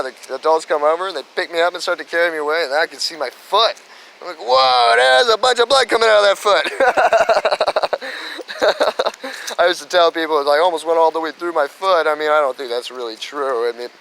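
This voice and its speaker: Man, average pitch, casual rambling storyteller outdoors, light wind in the background. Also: fairly bright tone, low-quality recording. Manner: rambling, with lots of "you know" fillers and restarts.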